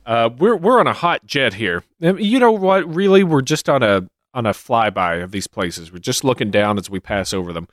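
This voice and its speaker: Dry-voiced podcast co-host. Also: male voice, mid-range voice, animated, normal speed, hardly any pauses, no room sound. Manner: reads out sighting reports with dry asides. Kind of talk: casual podcast chat.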